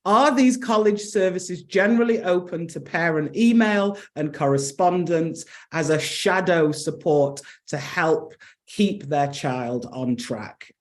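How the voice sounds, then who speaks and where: A woman's voice: on the low side, slow. A woman hosting an online interview, who affirms the guest and then reads audience questions aloud, with frequent fillers. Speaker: webinar host reading audience questions. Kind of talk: interview moderation.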